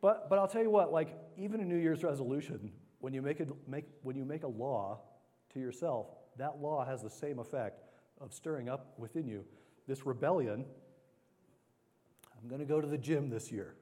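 A male preacher delivering an energetic, emphatic sermon to a congregation, repeating key phrases for weight. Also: mid-range voice, normal speed. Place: church sanctuary. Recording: long hall reverb.

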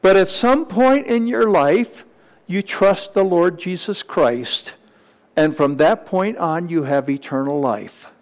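A man preaching a sermon, teaching from slides with emphatic repetition and rhetorical questions. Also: high-pitched. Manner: slow, emphatic, with repeated phrases and rising questions.

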